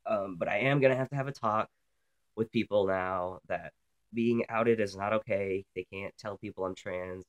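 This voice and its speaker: A man's voice: lowish voice, normal speed. A young man from Canada, hosting a casual vlog while sick, talking bluntly and profanely with lots of ums. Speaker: vlog host.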